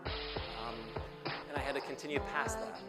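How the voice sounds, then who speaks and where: A man's voice: medium pitch, fairly even intonation, unhurried. A young man giving a keynote speech, telling a gripping, humorous story with jokes. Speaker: keynote speaker. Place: large banquet hall. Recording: hall reverb with faint music.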